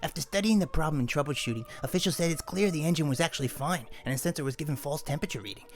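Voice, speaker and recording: A man's voice: on the high side, fast talker, faint music behind. A man live-streaming, reading news articles aloud and breaking off into irritated, swearing asides. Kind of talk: ranting news commentary.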